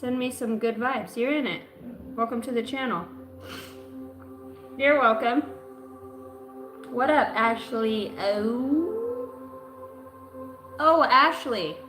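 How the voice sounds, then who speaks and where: A woman's voice: on the high side, lively intonation, slow, long pauses, echoey room, over music. A middle-aged woman reading tarot on a livestream in casual chat, swearing, joking and laughing often.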